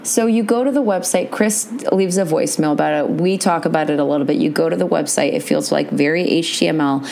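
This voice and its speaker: A woman's voice: low-pitched, fast talker, vocal fry, few pauses, a little mellow. A woman co-hosting a podcast, chatting casually, swearing freely and telling stories with big jumps in emphasis. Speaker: podcast co-host. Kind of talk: casual chat.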